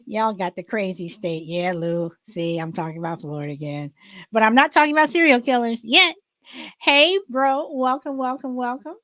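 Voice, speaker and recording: A woman's voice: a little high, animated, moderate pace, fairly bright tone, dry recording. A woman hosting a casual live chat with viewers, greeting them by name, laughing often and restarting her sentences with many fillers. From Southern California. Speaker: livestream host.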